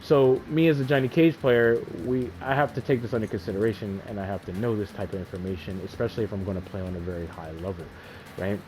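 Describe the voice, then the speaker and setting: Low-voiced man explaining gameplay casually. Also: quick pace, music in the background. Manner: loose explaining, keeps checking in with "right?". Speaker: fighting game player teaching.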